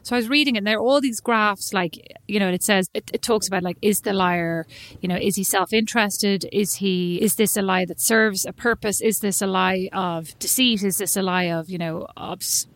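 A woman's voice: medium pitch, moderate pace, fairly bright tone. A woman with a slight lisp, co-hosting a podcast in rambling, self-mocking casual chat. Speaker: podcast co-host.

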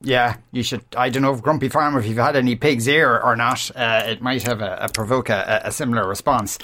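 A man's voice: mid-range voice, fairly even intonation, brisk, sharp tone, a little hiss or hum. A man hosting a radio show, chatting casually and joking with his guest. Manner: chatty, jokey, reads listener messages.

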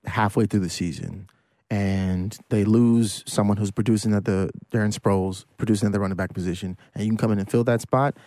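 A man with an American accent, co-hosting a casual sports podcast, easygoing and quick to chime in. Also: on the low side, fairly even intonation, dark tone, dry recording, clean studio sound. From United States. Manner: easygoing, quick agreeing interjections. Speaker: podcast co-host.

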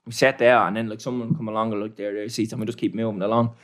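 A man's voice: lowish voice, level tone, very fast. A young Irish man telling a brash, slangy story in casual chat.

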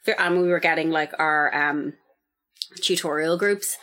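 A woman's voice: sits low, fairly even intonation, brisk, fairly bright tone. An Irish woman in her thirties co-hosting a casual podcast, telling stories with lots of swearing and acted-out quotes. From Ireland. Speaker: podcast co-host. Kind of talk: casual chat.

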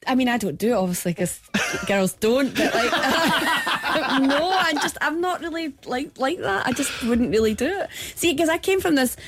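A woman's voice: high-pitched, expressive, normal speed, loud music behind the voice. A woman co-hosting a radio show, joking and giggling through the banter. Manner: giggly, jokey. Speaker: radio co-host.

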